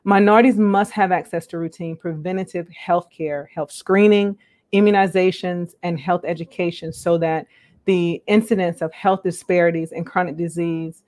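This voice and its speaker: Woman host, lowish voice, earnest, halting, frequent laughs, video call. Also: steady tone, darkish tone. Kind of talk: live online interview.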